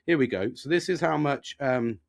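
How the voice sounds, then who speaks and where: A middle-aged man hosting his own podcast, talking in a loose, rambling way full of swearing and self-mockery. His voice has a gravelly rasp, sitting at an ordinary middle pitch for a man. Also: moderate pace. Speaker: podcast host. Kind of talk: candid casual monologue.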